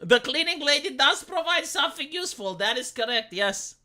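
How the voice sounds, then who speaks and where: Young woman, live streamer, swearing rant, lively swooping pitch, bright tone. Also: normal speed. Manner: profane, exasperated, rambling with restarts. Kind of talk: ranting casual chat.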